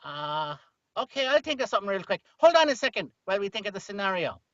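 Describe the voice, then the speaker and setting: A man's voice: high voice, very animated, fairly bright tone, no echo, muffled recording. A man hosting a podcast, rambling playfully through an improvised comic chat. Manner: playful, rambling, quick to joke. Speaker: podcast host.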